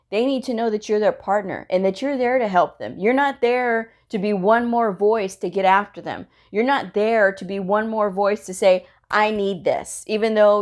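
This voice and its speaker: A woman's voice: mid-range voice, darkish tone. A middle-aged woman giving a casual instructional talk as an educator, chatty, laughing often and retelling conversations. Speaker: medical coding educator.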